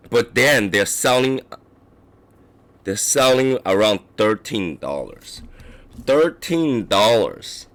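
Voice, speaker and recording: Hoarse, very low-voiced man. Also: a bit bright. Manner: keeps clearing his throat, halting restarts. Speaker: livestream host reviewing cigars. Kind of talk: casual rambling chat.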